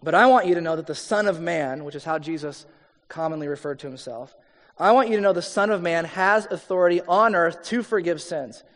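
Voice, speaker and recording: High-voiced man preaching in a hall. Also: a little fast. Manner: conversational, emphatic preaching with sudden drops to quiet. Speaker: pastor. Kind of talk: sermon.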